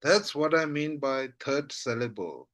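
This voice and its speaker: A man teaching a language lesson, repeating syllables slowly and often checking that his listener follows. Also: medium pitch, animated, fairly bright tone. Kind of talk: slow spoken lesson.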